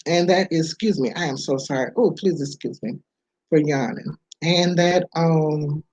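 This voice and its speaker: A woman reading a self-help book aloud, unhurried, with casual asides between passages. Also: low voice, a little mellow, no room sound, lo-fi sound. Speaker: book reader.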